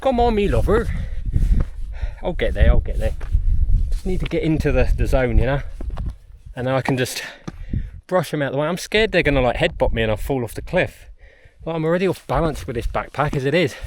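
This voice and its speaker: A man's voice: on the high side, noisy background. A man, chatting casually to the camera while hiking outdoors on a mountain trail. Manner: chatty, rambling, talks to animals and camera. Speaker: vlogger.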